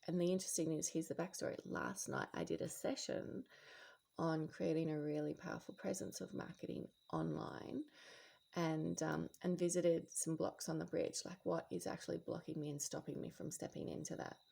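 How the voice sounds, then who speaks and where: A woman giving a casual late-night monologue as a spiritual vlogger, rambling and reflective with lots of fillers and restarts, sometimes dropping into soft whispered asides. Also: sits low, little pitch movement, moderate pace, creaky, breathy edge.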